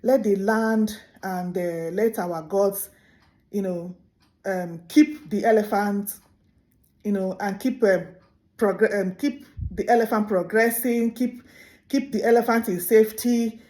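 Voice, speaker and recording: A crafty little tortoise, put on by a woman in a storytelling video, wheedles and denies everything with a slippery sweetness. The voice is warm and mellow, sitting at a middling pitch. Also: fairly even intonation, natural voice. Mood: wheedling. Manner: wheedling, quick to deny. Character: sly small male tortoise trickster.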